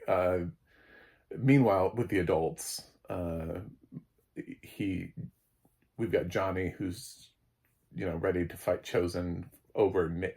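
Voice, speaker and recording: A man's voice: low voice, creaky, darkish tone. A man giving a casual, rambling recap and review of a TV episode, with many fillers and chuckles. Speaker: film critic.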